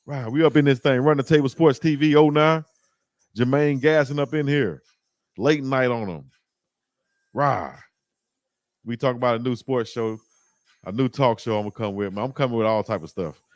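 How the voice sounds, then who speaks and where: A man hosting a live stream, tossing out slang and cracking up at his own stories. His voice sits at an ordinary mid pitch. It is recorded close and dry, with no room sound around it. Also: moderate pace, long pauses, no room sound. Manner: animated, laughing, slangy banter. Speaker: live-stream show host. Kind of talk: casual live-stream chat.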